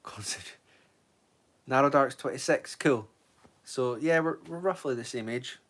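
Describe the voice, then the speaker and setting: A man's voice: mid-range voice, unhurried, a bit bright. A Scottish man in his twenties, chatting casually on a livestream and rambling as he answers viewer comments. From Scotland. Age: 20s. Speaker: streamer.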